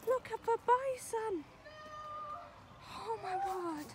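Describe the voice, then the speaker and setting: A woman's voice: very high-pitched, animated, takes it slowly, noisy background. A woman vlogging outdoors at a wildlife park, gushing and cooing at the animals in baby talk. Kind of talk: casual vlog commentary.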